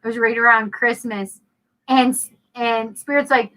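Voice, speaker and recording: A woman co-hosting a radio talk show, telling a story in an animated, chatty way. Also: a little high, a little slow, poor audio. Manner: animated, chatty, says "literally" and "I'm like". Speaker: radio co-host. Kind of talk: casual chat, storytelling.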